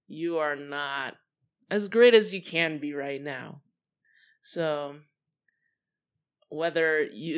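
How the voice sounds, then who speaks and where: A young adult hosting a solo podcast, talking casually in a relaxed, chatty way with many fillers and trailing thoughts. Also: mid-range voice. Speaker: podcast host.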